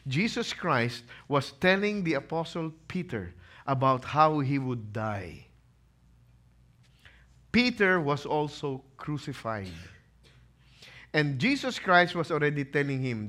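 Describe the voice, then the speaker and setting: Slow, bright-voiced pastor. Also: male voice, a little high. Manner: expressive, dramatic storytelling. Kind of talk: sermon.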